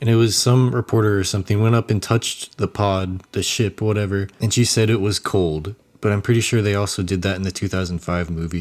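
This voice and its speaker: A young man with a somewhat low voice talks through a movie review in a loose, rambling way. He chuckles often and mocks what he describes in a sarcastic, casual tone. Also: a little mellow. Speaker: YouTuber reviewing a movie while sculpting.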